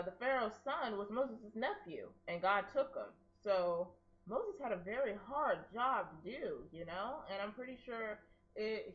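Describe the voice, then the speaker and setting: A young woman in casual chat, retelling a film with animated, quoted character voices. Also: mid-range voice. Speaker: co-host discussing a film. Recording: dull lo-fi sound.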